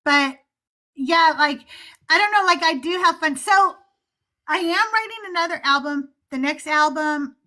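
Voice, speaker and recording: High bright woman, profane podcast host, blunt and fiery. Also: a little slow. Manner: blunt, profane, heated and animated. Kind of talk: casual panel chat.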